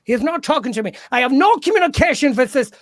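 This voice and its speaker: A flustered, exclaiming caller fighting off her pet bird, played by a woman. Her voice is high and swings widely, on a dry, close recording. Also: expressive, fast talker, dry recording. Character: flustered female caller with an unruly pet kestrel. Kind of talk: improvised comedy radio call.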